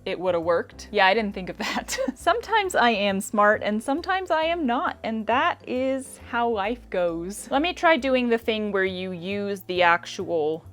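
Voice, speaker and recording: A woman's voice: medium pitch, sing-song, a little slow, hardly any pauses, fairly bright tone, faint music behind. A young woman with a regional American accent hosting a casual sewing vlog, chatty and self-deprecating as she thinks aloud while she works. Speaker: sewing video host.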